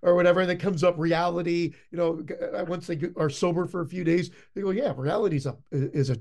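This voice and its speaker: A man co-hosting a podcast in casual film talk, enthusiastic and halting as he retells favorite jokes. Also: sits high, level tone, vocal fry, a little mellow. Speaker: podcast co-host. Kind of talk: casual movie review chat.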